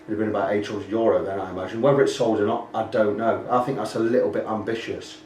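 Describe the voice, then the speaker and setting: A man's voice: on the low side, steady tone, fast talker, darkish tone, slight background noise. A British man talking casually through a guitar repair, rambling and pointing out faults as he goes. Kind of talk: casual workshop walkthrough. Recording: echoey room, mic at a distance.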